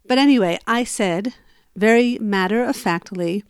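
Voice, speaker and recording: A woman's voice: mid-range voice, slow pace, clean tone, no room sound, clean studio sound. A woman telling a personal story in a conversational way, growing emphatic as she relives an argument.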